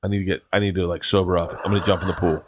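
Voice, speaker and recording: Guest: a middle-aged man with a lowish voice, an animated and rambling storyteller. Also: rapid-fire. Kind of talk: casual storytelling chat.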